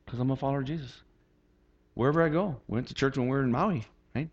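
On a muffled recording, a fast-talking pastor with a mid-range voice preaches animatedly and conversationally. He often repeats words while launching into a new idea.

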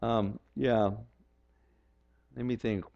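A man's voice: mid-range voice, steady tone, very slow, gravelly. An older man preaching a sermon as pastor, earnest and often repeating words as he restarts his sentences. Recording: dull lo-fi recording.

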